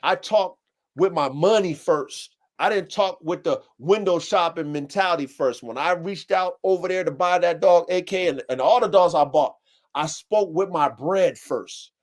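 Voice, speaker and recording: High pitched dude hosting a podcast over a stream call, loud slangy, swears a lot, acts out customers. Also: male voice, moderate pace. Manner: animated, slangy and profane, acts out quoted customers. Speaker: podcast host. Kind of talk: casual podcast chat. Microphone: live-stream call setup.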